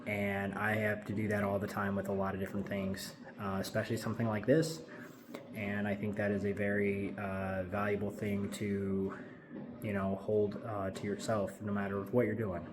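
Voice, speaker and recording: A man in his thirties talks loosely through a project in his home garage, circling back with plenty of fillers. His voice sits on the low side. Faint ambience hangs behind him. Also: completely flat delivery, moderate pace, noisy background. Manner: rambling, self-talking, filler-heavy. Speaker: car builder. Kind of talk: casual garage build vlog.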